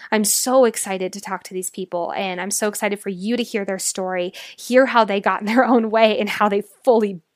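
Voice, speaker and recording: A woman's voice: mid-range voice, steady tone, moderate pace, few pauses, no room sound, studio quality. A young adult woman hosting a solo podcast as a life coach, speaking in an earnest, emotional, motivational way.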